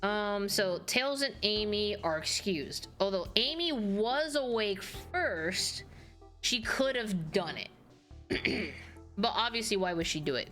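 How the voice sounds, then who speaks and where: A young woman chats casually over her gameplay, giggling and working through ideas out loud. Her pitch jumps around expressively at a middling height, with faint music under her voice. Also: expressive, slow. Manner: giggly, thinking aloud with restarts. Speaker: game streamer.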